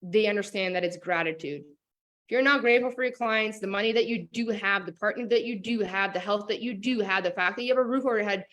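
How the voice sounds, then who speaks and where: Animated woman coaching on gratitude. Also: mid-range voice, fast talker, lo-fi sound. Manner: animated, lots of fillers like "like" and "oh my God". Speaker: business and manifestation coach. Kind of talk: casual motivational talk.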